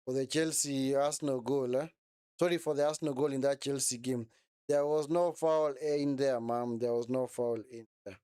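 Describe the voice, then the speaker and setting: A man's voice: mid-range voice, steady tone, moderate pace, dark tone, smooth, no echo, clean studio sound. A young man hosting a casual live watch-along stream, talking in a chatty, repetitive way and often correcting himself.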